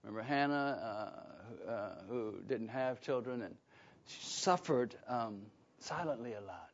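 This preacher's medium-pitched voice is expressive and unhurried. He delivers his sermon emphatically in a conversational style, regularly asking the congregation questions, though the lo-fi recording sounds dull.

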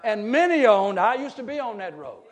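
High-voiced preacher man, emphatic. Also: big pitch swings, normal speed. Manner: asks the congregation questions and rises to emphatic shouts. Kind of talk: sermon. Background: congregation calling out responses.

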